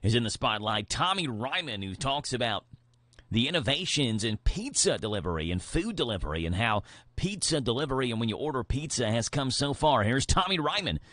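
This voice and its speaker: Lively, bright-voiced male radio host. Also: mid-range voice, a little fast, dry recording. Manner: upbeat, lively announcing. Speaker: radio morning show host. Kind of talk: local radio host patter. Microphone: studio mic.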